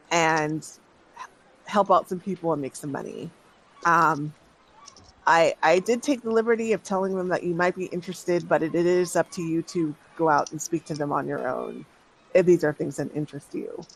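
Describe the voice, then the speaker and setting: A game master narrating a tabletop game, unhurried and hesitant, often restarting phrases. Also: medium pitch, creaky, a little hiss or hum, low-quality recording.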